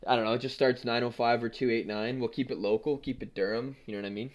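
A fast-talking man with a medium pitch and steady tone co-hosts a casual podcast. His chat is loose and rambling, and he swears as he goes.

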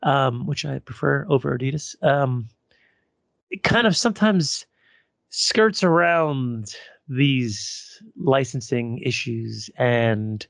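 Middle-aged guy rambling thru his podcast bit, lots of ums, gravelly and dry. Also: medium pitch, expressive, slow, no room sound. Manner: rambling with fillers and repeated starts. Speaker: podcast co-host. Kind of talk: casual fan podcast chat.

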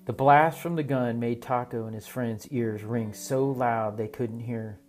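A male narrator reading a story aloud at an even, steady pace. His voice sits in a middle pitch, with quiet guitar playing behind. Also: measured pace. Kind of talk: audiobook narration. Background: soft guitar music.

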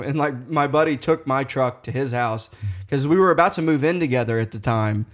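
A man's voice: mid-range voice, brisk. A man telling a rambling, profane story in casual podcast chat, often breaking into laughter.

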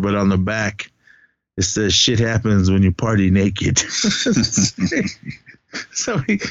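An adult man with a son, speaking in a lowish voice, recaps a film for his podcast co-host in a loose, rambling, casual chat. He laughs often and acts out the characters' lines along the way. The recording is dry and a bit dull, with no room sound.

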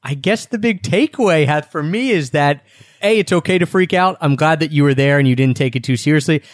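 A man's voice: a little high, fairly quick, dry recording, studio quality. A young man co-hosting a casual travel chat, talking in a rambling, self-deprecating way. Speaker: travel podcast co-host.

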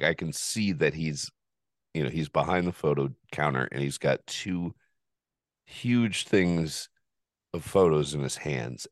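Man, podcast host, very low voice, dry sound, casual profane storytelling. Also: dry recording. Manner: profane, animated, laughs often.

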